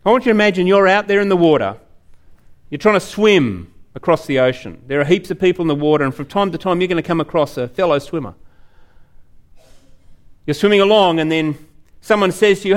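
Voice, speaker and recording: Earnest male preacher, high-pitched, storytelling sermon. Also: animated, fairly quick, long pauses.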